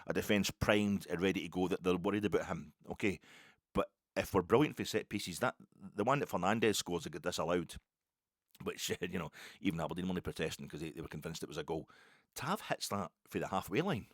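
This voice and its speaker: A man hosting a solo football podcast, rambling and excitable with lots of restarts and asides. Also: sits low, brisk, no echo, studio quality. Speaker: podcast host.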